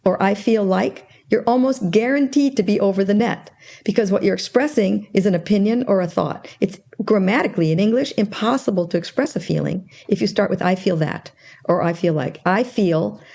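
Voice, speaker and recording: An older woman explains a communication model in an interview as a guest expert on interpersonal skills, her mid-range voice a little fast and marked by vocal fry. She tells stories animatedly and performs the quoted dialogue.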